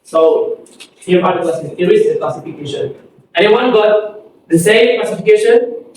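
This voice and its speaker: A man with an Indonesian accent, teaching an English pronunciation lesson and repeating words slowly for students to copy. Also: sits high, lively intonation, darkish tone, a little hiss or hum. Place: classroom. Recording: echoey room, far from the mic.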